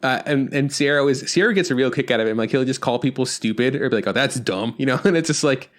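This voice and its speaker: Man, podcast co-host, casual chat, rambling, restarts, average pitch. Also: fast. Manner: rambling, many restarts and swearing.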